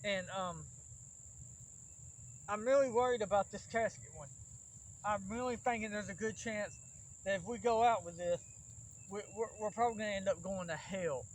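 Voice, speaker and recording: Man, Alabama accent, very high voice, fretful rambling vlog talk, crickets chirping outside. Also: moderate pace, pauses often, slight background noise, low-quality recording. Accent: Southern US, Alabama. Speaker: backyard wrestling show host.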